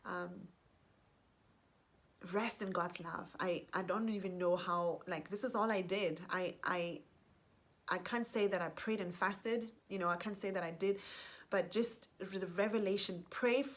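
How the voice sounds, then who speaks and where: A woman giving an effusive faith testimony to camera. She often restarts her sentences, reads scripture aloud more softly, and closes with blessings over her listeners. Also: medium pitch. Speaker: Christian speaker sharing her testimony.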